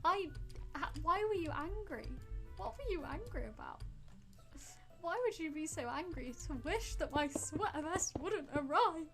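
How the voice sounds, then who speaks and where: A woman live-streaming a game, chatting playfully with her viewers and teasing them in mock outrage. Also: high voice. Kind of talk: live-streamed gameplay chat, talking to viewers. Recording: background music playing under the voice.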